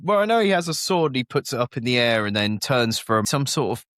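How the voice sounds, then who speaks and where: Man, podcast co-host, mid pitch, very animated, playful jokes, dry close mic. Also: fairly quick, dry recording. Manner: playful, jokey asides. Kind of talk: casual podcast chat.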